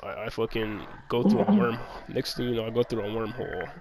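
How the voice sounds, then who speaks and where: A man's voice: on the low side, steady tone, a little fast, crowd noise. A man telling a rambling, profane story in a casual chat, full of laughs.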